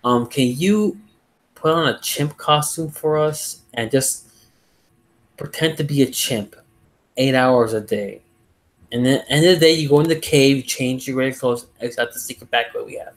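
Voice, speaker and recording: A man's voice: mid-range voice, normal speed, lightly acted. A man voicing a friendly male zoo manager who coaxes a job applicant with pleading questions. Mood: coaxing.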